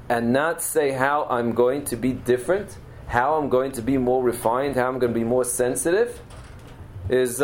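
A man's voice: medium pitch, a little hiss or hum, rough recording. A middle-aged man giving a Torah lecture as a teacher, telling stories earnestly and mixing Hebrew and Yiddish terms into his English.

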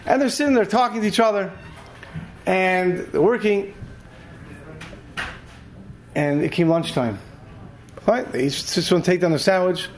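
A man teaching a Torah class who tells animated stories and acts out the characters. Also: high voice, unhurried, long pauses, a little hiss or hum, rough recording. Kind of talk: storytelling lecture.

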